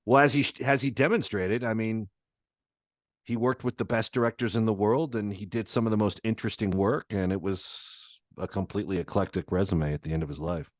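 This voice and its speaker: Male host, very deep and dry; chatty storyteller, laughs easily. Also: fairly even intonation, brisk, no echo. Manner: rambling anecdotes, laughs often, swears. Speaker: podcast host. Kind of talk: casual interview chat.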